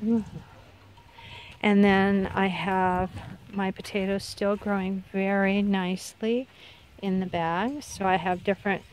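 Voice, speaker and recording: A middle-aged woman vlogger gives a casual, rambling tour of her backyard garden, chatting and often correcting herself mid-sentence. She is unwell and has hiccups. Her medium-pitched voice is slow and fairly even.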